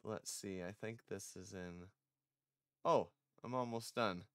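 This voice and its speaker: A man's voice: fairly low pitch, slow pace, slight background noise. A man streaming casually, rambling and self-conscious, a little congested. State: slightly congested. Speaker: vtuber streamer.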